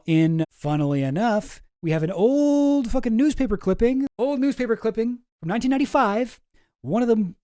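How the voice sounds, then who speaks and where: A man's voice: high-pitched, dark tone, clear, resonant tone, no room sound, studio quality. A man hosting a commentary channel, talking in a casual, rambling, sarcastic way and swearing often.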